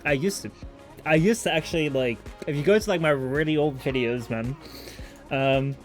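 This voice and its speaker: A man's voice: on the high side, normal speed, soft background music. A man from the Netherlands chatting casually with his livestream viewers, rambling, swearing and mocking himself. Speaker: streamer.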